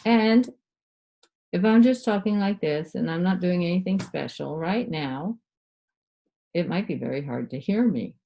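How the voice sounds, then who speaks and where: Woman, voice coach, lowish pitch, clear and demonstrative, middle-aged. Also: lively intonation, unhurried, long pauses, dull audio. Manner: clear, demonstrative, shifts pitch and loudness to show voice techniques. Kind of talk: instructional talk to camera.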